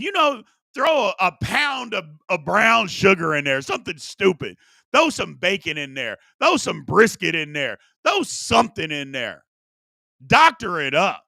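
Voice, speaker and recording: Male live-stream host, high and lively voice, dry close mic. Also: vocal fry, dry recording. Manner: animated, repetitive, playful asides. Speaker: sports talk show host. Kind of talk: live-stream talk show, fan participation.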